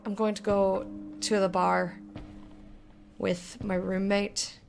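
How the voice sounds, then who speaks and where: A woman's voice: medium pitch, level tone, takes it slowly, gravelly. Young woman streaming games at home, chatty and sweary, talks to chat over music. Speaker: game streamer. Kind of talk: casual gameplay commentary. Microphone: desk mic with headphones.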